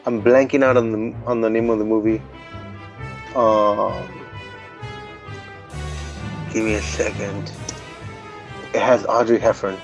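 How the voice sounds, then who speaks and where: A man's voice: on the low side, level tone, slow, vocal fry, pauses often, music in the background. A man chatting as a podcast guest, easygoing and self-deprecating. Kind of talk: casual chat.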